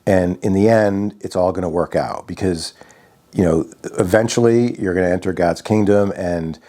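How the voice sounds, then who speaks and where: A man from Connecticut telling a personal story in a reflective, halting way, often restarting his sentences. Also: deep voice, mellow. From Connecticut, USA.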